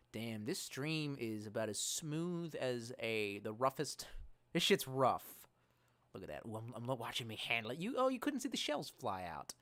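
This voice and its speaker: A man streaming live and reading his chat, animated and profane, swinging between loud outbursts and mumbled asides. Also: mid-range voice.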